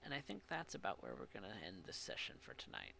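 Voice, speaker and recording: Gravelly-voiced male game master. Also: low-pitched, quick pace, slight background noise. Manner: casual, lively, thanking viewers. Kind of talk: narrating a tabletop game.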